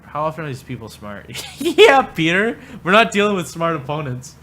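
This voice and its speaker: A man's voice: a little high, very animated, fast, bright, forceful tone. A man ranting crudely on a livestream, rambling and mocking, often laughing. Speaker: streamer.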